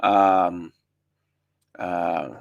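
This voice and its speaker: A man from Ghana, hosting a live religious Q&A stream, reading viewer comments aloud and answering with quick retorts and many fillers. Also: low-pitched, little pitch movement, gravelly, lo-fi sound.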